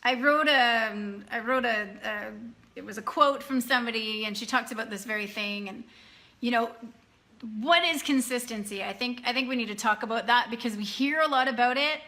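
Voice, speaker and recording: Bright-voiced woman chatting live. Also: on the high side, moderate pace. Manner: chatty, greets viewers by name, loose restarts. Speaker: business coach hosting a live video. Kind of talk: casual live-stream chat to followers. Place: dim room at night.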